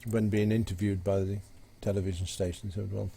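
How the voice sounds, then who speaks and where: Streamer, male, low and mellow, meandering joke-teller, lots of ums and restarts, faint hiss. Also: level tone, brisk. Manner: rambling, hesitant with many fillers and restarts. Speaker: live-stream gamer. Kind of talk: casual live-stream chat, telling jokes.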